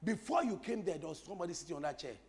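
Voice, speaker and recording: Rapid-fire and on the high side, this pastor's sermon repeats phrases over and over. He preaches with animation and teases his congregation for laughs.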